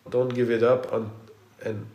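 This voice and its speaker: Animated architect man, roomy sound. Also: mid-range voice, measured pace, highs cut off. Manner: animated, rambling with frequent restarts. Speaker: architect guest. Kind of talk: casual conversational interview. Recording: roomy echo.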